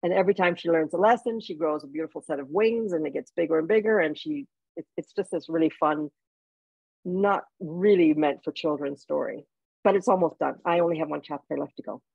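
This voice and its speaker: In an interview, a Jamaican woman who is an author and guest shares personal stories in a deep, husky, slightly gravelly voice, heartfelt and sometimes halting as she restarts her sentences. The recording is dry and a bit dull, like lo-fi audio, with no echo.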